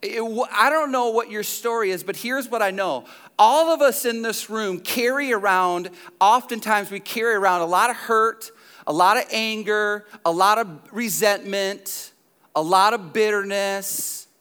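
High-voiced male pastor telling a story. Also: unhurried, bright, forceful tone, clear, resonant tone. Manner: jokey storyteller who questions the congregation directly. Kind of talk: sermon with a personal story.

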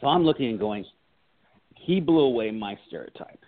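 Husky-voiced man telling stories over a phone line. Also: mid-range voice, normal speed. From United States. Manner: animated storyteller acting out quotes. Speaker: guest, comedian and writer. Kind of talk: casual interview storytelling.

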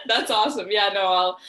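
A young woman hosting a casual sports podcast, bubbly and quick to laugh, saying "like" and "awesome" a lot. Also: mid-range voice, reverberant. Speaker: podcast host.

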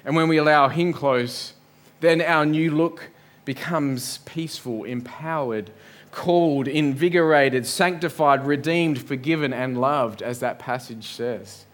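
A man's voice: on the high side, measured pace, hardly any pauses. A man preaching a sermon in a church, earnest, building up lists and rhetorical questions. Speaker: pastor.

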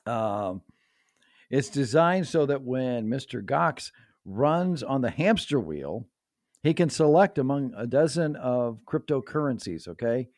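A man co-hosting a casual podcast, reading odd news stories slowly and easily, chuckling along and agreeing readily. His pitch rises and falls a great deal as he talks. The recording is dry and close to the mic. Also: lively intonation, a little mellow, no echo. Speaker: podcast co-host.

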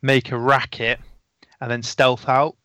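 A man talking through plans in a tabletop game, stumbling and repeating words as he thinks. The sound is dry and close, with no room echo. His pitch sits in an everyday middle range. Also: level tone, measured pace, sharp tone. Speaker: player. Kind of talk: casual tabletop game chat.

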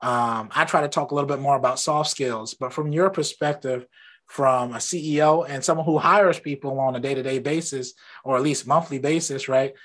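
A man hosting an interview from his home office, talking in a relaxed, rambling way about his own habits. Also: mid-range voice, moderate pace. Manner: relaxed and talkative, rambling anecdotes. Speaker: podcast host. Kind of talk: casual interview chat.

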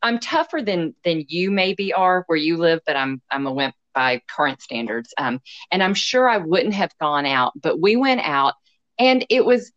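Woman from Canada, running coach. Earnest, reflective talker with a deep voice and stammering restarts. Dry recording. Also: expressive, moderate pace, a bit bright, no echo. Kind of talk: casual chat. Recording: dry, slightly dull sound.

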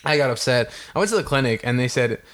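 A young man spins a casual podcast story with lots of swearing. He jumps into quoted lines as he acts out the scene, and his voice sits at an ordinary male pitch. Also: expressive, fast talker, a bit bright. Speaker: podcast co-host.

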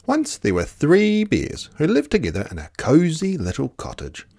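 A storyteller reading a children's storybook aloud in an expressive, playful way. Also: medium pitch, moderate pace, creaky.

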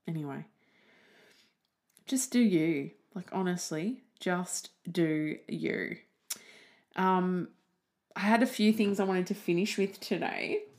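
A woman hosting a casual solo podcast, chatty and animated, swearing freely. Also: lowish voice, a little slow, long pauses. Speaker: podcast host.

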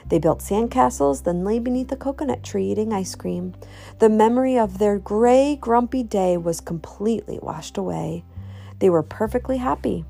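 A woman reading a children's storybook aloud in an expressive, animated way. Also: mid-range voice, moderate pace, vocal fry, soft background music.

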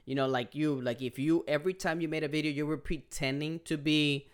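Podcast host, male, young adult, relaxed and profane, smooth resonant voice, slightly high. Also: fairly quick. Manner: profane, laid-back, mixes in Spanish phrases. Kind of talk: casual chat.

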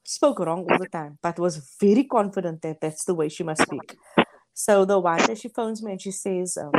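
A woman's voice: lowish voice, moderate pace, background noise. A South African woman, a guest, telling family stories with laughter. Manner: lively, laughing as she recalls family. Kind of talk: casual storytelling.

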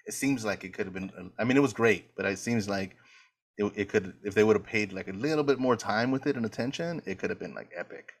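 A man's voice: on the low side, fast. A man co-hosting a casual movie rewatch podcast, laid-back and jokey, tossing in "bro" as he picks apart scenes. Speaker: podcast co-host.

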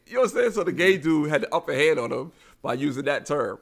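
Gravelly man telling a story. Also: fairly high pitch, quick pace, few pauses. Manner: animated storyteller acting out quotes. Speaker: podcast co-host. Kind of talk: casual storytelling chat.

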